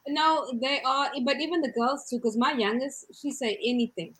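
A woman in casual chat about raising her daughters, blunt and animated, laughing often. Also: high-pitched, moderate pace, poor audio.

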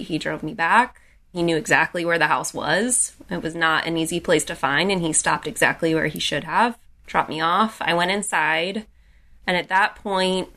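A woman's voice: fairly low pitch, pushed and bright. A young adult woman recounting a personal story in a casual way, with frequent "like" and restarts.

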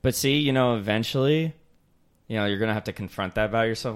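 A man's voice: fairly low pitch, quick pace, clear, resonant tone. A man co-hosting a podcast, rambling in a casual chat full of "like" and "you know". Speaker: podcast co-host.

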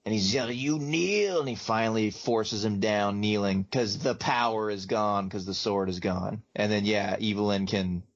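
A man co-hosting a podcast in casual chat, spinning out scenes with some fillers and acting out shouts. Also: lowish voice, flat delivery, moderate pace, hardly any pauses. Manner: storytelling, hesitant fillers, acts out voices. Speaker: podcast co-host. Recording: slightly dull lo-fi sound.

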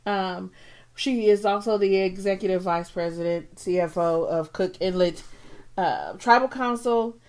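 A woman's voice: medium pitch, unhurried, darkish tone. Woman co-host, casual and giggly, hesitant with fillers. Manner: giggly, rambling with many ums. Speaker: podcast co-host. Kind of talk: casual chat.

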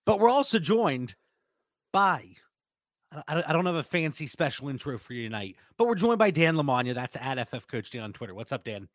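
A man's voice: on the high side, sing-song, brisk, no room sound, clean studio sound. Chatty self-deprecating male podcast host. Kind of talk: casual podcast chat.

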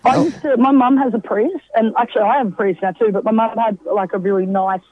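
A woman comedian chatting on a radio show, telling animated anecdotes and laughing often. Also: a little high, fast, dry recording, lo-fi sound. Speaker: comedian guest. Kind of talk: casual radio chat, storytelling.

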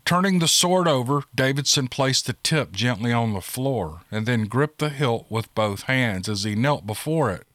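A man giving steady, scripted narration of a monster-hunting audiobook. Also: mid-range voice, moderate pace, hardly any pauses, no room sound, clean studio sound.

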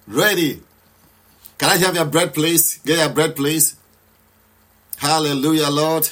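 A fervent male preacher with a fairly high voice leads a live prayer session. He commands listeners to pray with passion and repeats declarations with mounting intensity. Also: takes it slowly, long pauses, a bit bright. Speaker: preacher leading online prayer.

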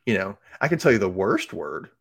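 A man's voice: sits low, sing-song, fairly quick, gravelly, slightly rough. A man from Mississippi with a light Southern accent and theater-trained diction, rambling through stories with lots of fillers as a podcast guest. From Mississippi, USA. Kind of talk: casual chat.

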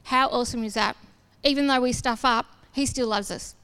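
A woman's voice: fairly high pitch, fairly quick, clean tone. A woman giving a sermon testimony, a casual, self-deprecating storyteller who acts out the dialogue. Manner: lively storyteller acting out dialogue. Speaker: church speaker.

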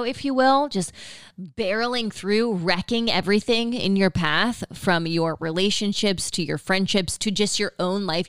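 Young woman podcast host, low-ish smooth voice, chatty likes and ums, dry close mic. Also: no room sound. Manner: chatty and upbeat, filler-heavy, with valley-girl cadence. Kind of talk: casual solo podcast monologue.

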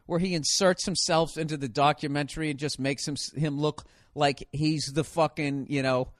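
A man's voice: a little high, fairly even intonation, moderate pace, no echo, clean studio sound. A man hosting a comedy show, ranting in a sarcastic, profane and rambling way. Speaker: comedian host.

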